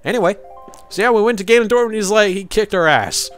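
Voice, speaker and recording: A man's voice: high-pitched, fast, fairly bright tone, faint music behind. A man commentating a game playthrough in a joking, sarcastic way, swearing freely. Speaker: let's player.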